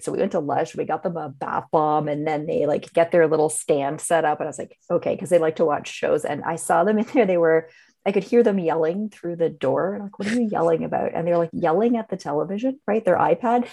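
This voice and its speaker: A woman's voice: low voice, fairly quick, creaky. A middle-aged woman co-hosting a podcast, chatting casually and telling stories with frequent laughter. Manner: animated storyteller who laughs often. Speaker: podcast co-host. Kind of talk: casual chat.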